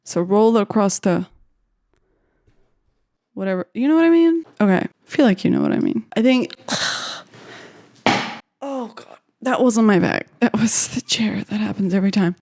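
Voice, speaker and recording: A young woman talks her way through making a beat at home, chatty and giggly, half to herself and half to viewers. She speaks at an unhurried pace in a mellow, darker tone. The recording is close and dry. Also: medium pitch, animated, no room sound. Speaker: beatmaker making a track on camera. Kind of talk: casual chat while making music.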